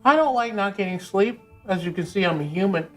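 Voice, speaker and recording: A woman's voice: medium pitch, expressive, soft background music, close to an everyday voice. Woman playing a nervous, rambling adventurer. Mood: awkward. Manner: rambling, halting, awkward. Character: nervous, money-minded human adventurer woman.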